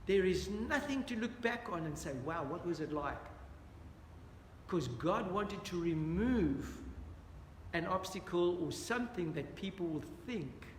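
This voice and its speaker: A man's voice: sits high, expressive, unhurried, slight background noise. A man leading a Bible study lesson, talking earnestly and putting questions to his listeners. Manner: earnest, questions the audience, repeats "dear friends". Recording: echoey hall with long reverb, faint ambience.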